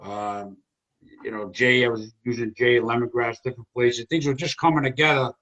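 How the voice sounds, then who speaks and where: A man's voice: medium pitch, steady tone, moderate pace, dull audio. A man in his sixties with an Italian-American accent, hosting a comedy chat on a video call and reminiscing in a rambling way. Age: 60s. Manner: reminiscing, rambling and warm-hearted. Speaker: comedy show host.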